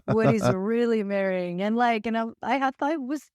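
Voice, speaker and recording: A woman's voice: fairly high pitch, moderate pace, darkish tone, dry recording, studio quality. Wry, teasing young woman. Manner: wry, laughs easily, teasing. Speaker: podcast co-host. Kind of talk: casual chat.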